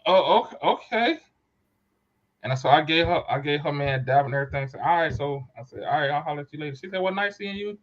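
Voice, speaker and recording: Animated man telling a story. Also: fairly high pitch, very fast, few pauses, highs cut off. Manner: animated storyteller, acts out quoted voices. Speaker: podcast host. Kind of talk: casual storytelling chat.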